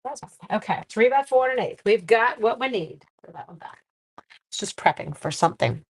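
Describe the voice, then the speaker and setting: A woman's voice: on the high side, expressive, normal speed, breathy edge. A woman hosting a casual live-stream card-making demo, chatty and self-deprecating, thinking aloud as she works and talking to her viewers. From Canada.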